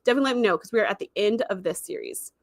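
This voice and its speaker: A woman hosting a livestream, recapping a show in a chatty, animated way full of "like" and "um.". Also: medium pitch, very fast. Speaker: livestream host. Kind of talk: casual episode recap.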